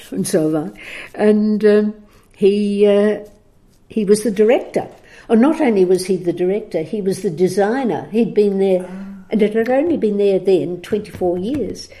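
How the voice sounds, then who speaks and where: A woman's voice: medium pitch, measured pace, mellow. A woman telling a long anecdote on a recorded program, chatty, with frequent laughs, ums and restarts. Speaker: guest storyteller.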